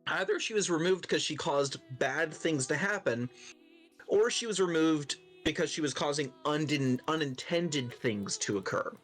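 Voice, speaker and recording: A man playing an earnest male adventurer who reasons things out in a measured way, over faint background music. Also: a little high, expressive, a bit bright. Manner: measured, thoughtful speculating.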